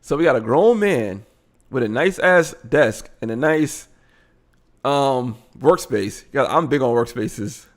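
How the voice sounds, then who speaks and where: A man talks through a video in loose, blunt live commentary. His pitch jumps around a lot as he reacts. He keeps an unscripted, conversational flow. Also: slow. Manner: animated, blunt, frequent laughing asides. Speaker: host of a live commentary show.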